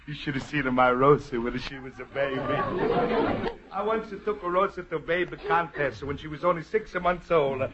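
An actor playing a boastful, pushy Italian immigrant friend with a heavy accent and broken English in a 1950s radio sitcom. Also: male voice, a little high, dull audio, crowd noise, natural voice. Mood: bragging. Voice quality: slow, bragging delivery in broken English. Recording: 1950s radio broadcast, loud hiss, roaring audience laughter.

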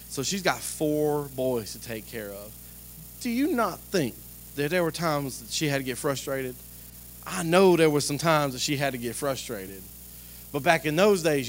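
A man preaching a sermon in a lively, conversational way, joking and asking the congregation direct questions. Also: medium pitch, slight background noise. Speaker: pastor.

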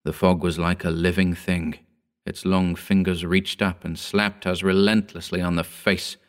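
A man narrating a horror story in a slow, grave, deliberate reading. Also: low voice, flat delivery.

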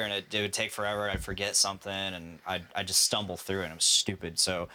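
A man's voice: sits low, little pitch movement, fast talker, hardly any pauses, pushed and bright, a little hiss or hum, rough recording. A man chatting casually on a podcast, self-deprecating and stumbling over his words. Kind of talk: casual chat.

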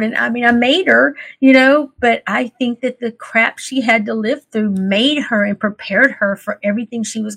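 A woman, speaking as an interview guest. She tells her story candidly and earnestly, her voice full of feeling. She laughs even through tears. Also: a little high.

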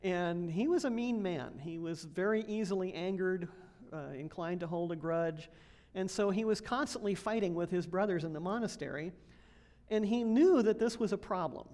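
A woman's voice: lowish voice, moderate pace, dark tone. A woman, an associate pastor, preaching a conversational sermon in a church, laughing now and then and checking in with the congregation. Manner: conversational, laughs often, asks congregation questions.

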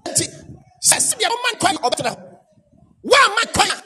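A pastor preaching a fiery sermon, shouting and chanting repeated declarations. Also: male voice, very high-pitched, sing-song, normal speed, a little hiss or hum. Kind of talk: fiery sermon mixing Twi and English.

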